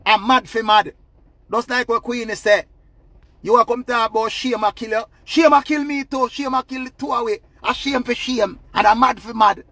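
A man with a Jamaican accent in a loud, profane, repetitive rant giving relationship advice. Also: very high voice, fairly even intonation, normal speed, gravelly, dry recording. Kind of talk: ranting monologue.

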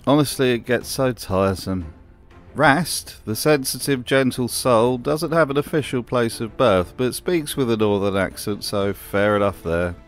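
A man's voice: medium pitch, unhurried, soft background music. A man narrating a wry commentary voice-over in a dry, sardonic manner. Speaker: video narrator.

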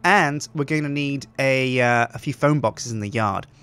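A man's voice: medium pitch, moderate pace, fairly bright tone, clean tone. Chatty man narrating gameplay. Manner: chatty, upbeat, thinks aloud. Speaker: host. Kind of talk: game commentary.

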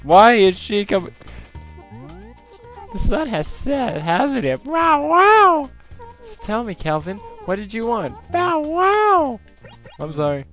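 A man voicing an excitable dog villager in a video game, barking loudly between lines. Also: high voice, a little slow, soft background music, pitched above the performer's own voice. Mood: excited. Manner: loud and yappy.

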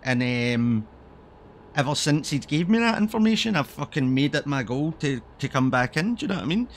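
A man's voice: on the high side, expressive, normal speed, a little hiss or hum. A man giving casual, rambling commentary while playing a driving game, swearing freely as he chats. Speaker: streamer.

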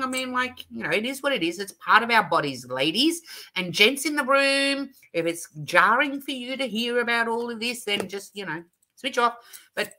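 A woman's voice: fairly high pitch, bright, forceful tone. A middle-aged Australian woman hosting a casual live stream, chatting and reading viewer comments aloud with frequent laughs. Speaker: livestream host.

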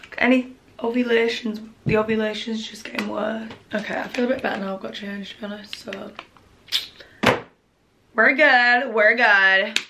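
A woman's voice: medium pitch, level tone, fairly quick, hardly any pauses, noisy background. A young woman chatting candidly to camera in a home vlog, grumbling and sometimes dropping to a murmur. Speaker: vlogger. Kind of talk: casual vlog chat. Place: at home, bedroom.

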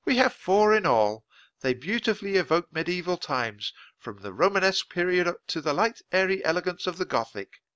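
A man voicing a friendly, grey-haired museum lady in a children's book reading, talking brightly and gushingly. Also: high-pitched, big pitch swings, brisk, dry recording, voice pushed up.

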